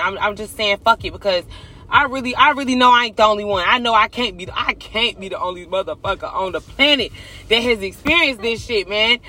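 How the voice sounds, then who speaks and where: High, bright-voiced man ranting bluntly. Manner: blunt, profane and emphatic, addressing viewers directly. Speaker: vlogger. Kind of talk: casual confessional monologue.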